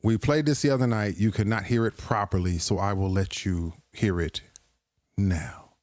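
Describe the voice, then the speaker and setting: A man's voice: on the low side, steady tone, normal speed, darkish tone, no echo. A man hosting a livestream, chatting casually as he reacts to clips in a rambling, joking, self-deprecating way. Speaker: livestream host.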